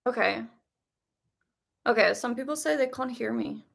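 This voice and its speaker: A woman hosting a casual live stream, talking in an excitable, gushing way with lots of fillers. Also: on the high side, normal speed, vocal fry. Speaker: live stream host reacting to a series. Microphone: webcam setup.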